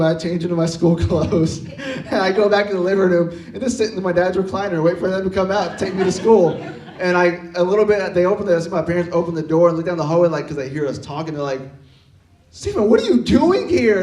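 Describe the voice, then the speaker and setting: Animated, laughing pastor in an echoey hall. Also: male voice, sits high, quick pace, recorded from a distance. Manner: animated, laughing often, acting out voices in his story. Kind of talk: storytelling sermon. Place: church auditorium.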